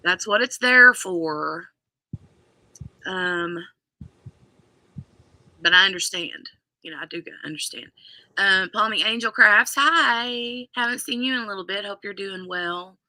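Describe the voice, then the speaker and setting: A woman's voice: medium pitch, unhurried, pauses often, pushed and bright, no room sound. A woman hosting a casual live stream, chatting and greeting viewers by name. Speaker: livestream host.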